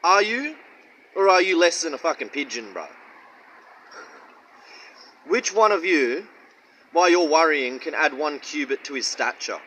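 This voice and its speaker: A man's voice: a little high, animated, measured pace, pauses often, sharp tone, a little hiss or hum, low-quality recording. A man giving casual Bible teaching in a blunt, profane, mocking way and rambling slang. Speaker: street-style preacher.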